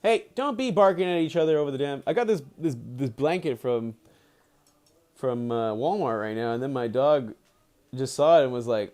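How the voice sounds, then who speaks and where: A man streaming live, reading a book aloud and breaking off into casual chat at home with his dogs around, animated and quick to laugh, often correcting himself mid-sentence. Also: a little high. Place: home, with pet dogs nearby.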